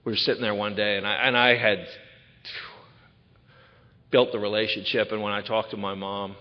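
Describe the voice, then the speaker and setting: A man's voice: fairly low pitch, little pitch movement, moderate pace. Man, 30s, recovery speaker; frank storytelling, dull lo-fi hall recording. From Ocean City, Maryland. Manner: candid, conversational storytelling. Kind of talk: personal testimony talk. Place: large event hall. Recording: echoey hall, dull lo-fi sound.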